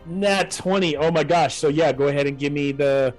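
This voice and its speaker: Halting man running a tabletop game. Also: fairly high pitch, soft background music. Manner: halting descriptive narration with frequent restarts. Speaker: game master.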